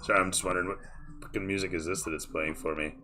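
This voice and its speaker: A man's voice: sits low, steady tone, rapid-fire, pushed and bright, roomy sound, slight background noise. A man narrating a tabletop game as game master, casual and profane, with many fillers.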